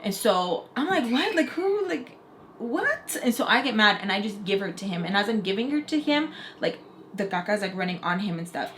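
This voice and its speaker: A young woman tells a casual storytime in a chatty, filler-heavy way. She acts out what people said as she goes. Her voice sits at a middle pitch, with a faint hiss of noise in the background. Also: animated, brisk, a bit bright. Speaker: storytelling vlogger.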